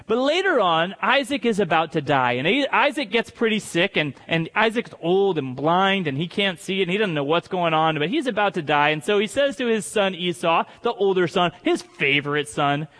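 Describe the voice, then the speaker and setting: High-voiced man preaching in a reverberant hall. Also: moderate pace, few pauses. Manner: animated storytelling with joking asides. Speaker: pastor. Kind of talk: sermon. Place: church hall with congregation. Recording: long reverb of a large hall.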